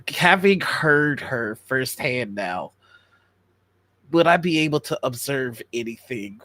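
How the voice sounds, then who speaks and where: Man, tabletop player, chatty, explains rules, medium pitch. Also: a bit bright, dry recording. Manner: chatty, explains rules while thinking aloud. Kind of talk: tabletop game talk.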